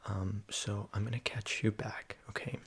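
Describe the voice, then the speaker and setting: Low gravelly whispering man, whispered role-play. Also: little pitch movement, normal speed. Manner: soft whisper, rambling with many fillers, coaxing repeat-after-me. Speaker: ASMR creator.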